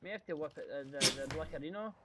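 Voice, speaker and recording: Sweary young gamer, noisy mic. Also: male voice, fairly high pitch, rapid-fire. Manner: sweary, boastful. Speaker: gamer, streamer. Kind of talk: casual gaming banter.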